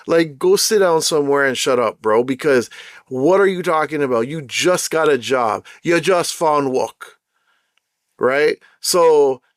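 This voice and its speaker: A man's voice: on the high side, dry recording, studio quality. A man hosting his own podcast, ranting in a heated, indignant way with slangy rhetorical questions. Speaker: podcast host. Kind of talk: ranting solo podcast monologue.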